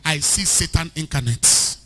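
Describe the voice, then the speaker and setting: A man preaching an animated sermon as a pastor, rising to shouts at times. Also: fairly high pitch, moderate pace. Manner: animated preaching, shouting at peaks, mixing in Pidgin.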